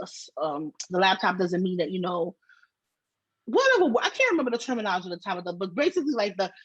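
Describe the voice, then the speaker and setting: Husky New woman telling a story. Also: medium pitch, no room sound. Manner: animated, slangy, drawn-out storytelling. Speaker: podcast co-host. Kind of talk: casual storytelling chat. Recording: dull, slightly lo-fi sound.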